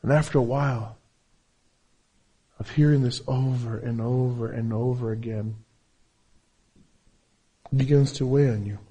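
A man's voice: medium pitch, steady tone, a little slow, long pauses, warm tone, husky. A pastor preaching a sermon in English, his second language, with a non-native accent and emphatic, repetitive phrasing. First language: not English.

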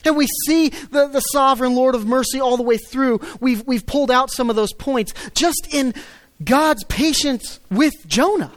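A man preaching a sermon, swinging between loud emphatic stresses and low quiet asides. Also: normal speed, dry recording. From United States. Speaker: pastor.

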